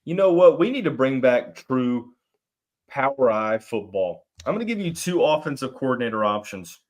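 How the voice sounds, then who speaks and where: A man hosts a laid-back sports podcast with a voice of ordinary, middle pitch. He jokes around and rambles, backing up and restarting his sentences. He is fighting off a case of the hiccups. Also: moderate pace. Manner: animated, joking, rambling with restarts. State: has the hiccups. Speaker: podcast host. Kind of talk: casual sports podcast chat.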